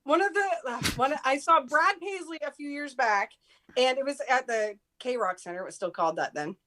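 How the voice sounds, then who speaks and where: A woman's voice: high-pitched, moderate pace. A woman, a radio host appearing as a guest, chatting casually and telling stories with flair. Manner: animated storyteller, acts out quotes. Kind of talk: casual chat.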